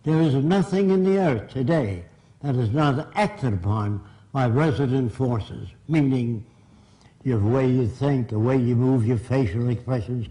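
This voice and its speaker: Older man, blunt lecturer to a live audience, mellow tone, plain-spoken. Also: medium pitch, unhurried, poor audio. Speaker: seminar speaker. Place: seminar room.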